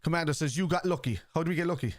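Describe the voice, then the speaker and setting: A man's voice: fairly high pitch, racing, no room sound. A man with a Scouse accent, hosting a football watchalong live stream, reading viewers' chat aloud and answering it in a casual, chatty way.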